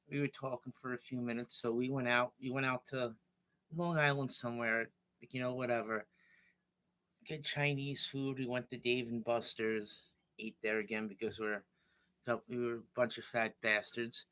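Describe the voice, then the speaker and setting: Man rambling through old stories on his stream, halting and casual. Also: medium pitch, flat delivery, bright, forceful tone. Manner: rambling, halting, with fillers and self-corrections. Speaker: livestream host. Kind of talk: casual storytelling.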